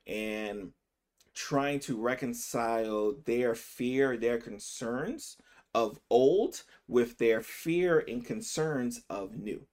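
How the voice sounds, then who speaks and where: A man who is a physician and podcast host, giving casual opinion commentary. He often checks in with "right?" and speeds up or slows down to stress his points. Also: mid-range voice, darkish tone.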